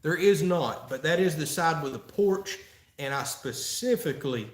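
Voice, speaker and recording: The host, a man from Florida, USA, responds to live chat in a casual Q&A stream, sounding folksy and laughing often. His fairly high voice has lively intonation at a moderate pace, and there's a roomy echo.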